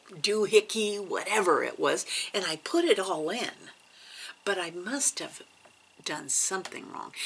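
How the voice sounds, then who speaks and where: A woman vlogger telling a story in a casual, animated way, dropping to hushed asides for drama. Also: medium pitch, slight background noise. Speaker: cross stitch vlogger.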